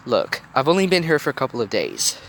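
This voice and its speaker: An earnest, slightly awkward teenage girl, as a man reading a story puts her on, with quick, flustered replies. The voice leaps lively up and down. It is captured on a phone with clear outdoor noise behind it. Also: medium pitch, full character voice. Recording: noisy phone recording outdoors.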